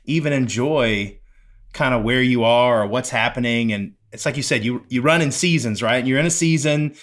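A man hosting a podcast, asking questions in a relaxed, rambling conversational way. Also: medium pitch, moderate pace. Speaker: podcast host. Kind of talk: casual interview conversation.

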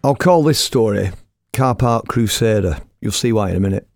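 A middle-aged man telling a story in a lively, blunt, self-mocking way, as a radio presenter. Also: on the low side, moderate pace, faint music behind. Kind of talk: casual anecdotal storytelling.

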